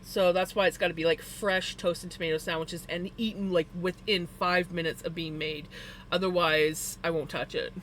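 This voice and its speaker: Bright-voiced chatty streamer. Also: mid-range voice, level tone, normal speed, slight background noise. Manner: chatty, rambling storytelling with frequent "like" fillers; emphatic about personal preferences. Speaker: live streamer. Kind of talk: casual chat to a live audience.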